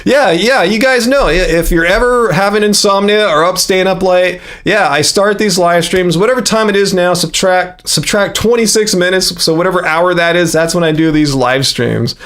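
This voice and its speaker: Rambling high-voiced man in his fifties. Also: normal speed, hardly any pauses, fairly bright tone. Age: 50s. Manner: rambling, many fillers and restarts. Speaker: livestream host. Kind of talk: casual livestream chat.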